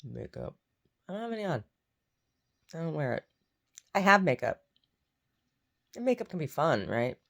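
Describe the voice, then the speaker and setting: A woman's voice: low-pitched, very animated, moderate pace, gravelly, pauses often, fairly bright tone. A woman who paints, chatting casually to camera in a rambling way, often repeating herself. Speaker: painter vlogging her day. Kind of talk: casual chat.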